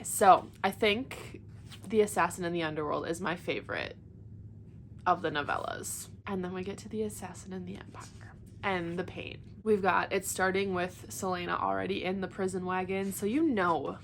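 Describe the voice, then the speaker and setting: A young woman with a fairly low voice, speaking at a moderate pace, excitedly vlogs about a book series she's rereading. She reads passages aloud and leans heavily on "like," with slight background noise behind her.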